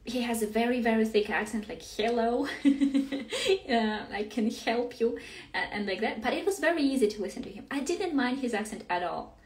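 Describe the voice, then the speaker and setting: A woman's voice: fairly high pitch, expressive, fast, few pauses. Chatty young woman, roomy distant sound. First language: Russian. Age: young adult. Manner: hesitant, many fillers and restarts, laughs often. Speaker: master's student. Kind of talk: casual live-stream chat. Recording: roomy room, mic at a distance.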